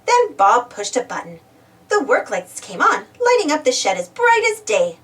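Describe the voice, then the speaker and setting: A woman gently reading a children's storybook aloud as a storyteller. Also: a little high, huge pitch swings, moderate pace, far from the mic.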